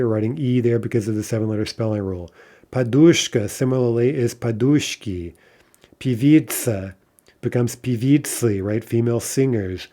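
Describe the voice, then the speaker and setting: In an online language lesson, a man methodically goes through examples one at a time, checking in with the listener using "right?" and "okay". His voice is mid-range and mellow.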